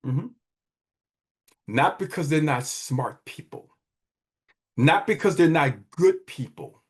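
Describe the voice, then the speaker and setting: Animated, high-pitched man preaching about money. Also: takes it slowly, breathy edge. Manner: emphatic, preachy, repeats phrases for effect. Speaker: wealth advisor and podcast host. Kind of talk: motivational money talk.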